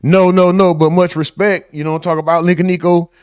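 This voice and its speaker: A man's voice: high voice, level tone, quick pace, a little mellow, smooth, dry recording, studio quality. A man hosting a casual livestream, reading chat messages aloud and bantering in loose, profane talk.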